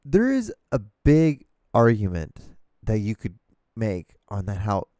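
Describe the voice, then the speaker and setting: Male solo podcast host, mellow voice, dry close mic, swears a lot while ranting. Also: fairly low pitch, wildly swooping pitch, unhurried, no room sound. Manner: profane, exasperated ranting. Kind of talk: casual solo rambling rant. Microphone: studio microphone, talking to camera.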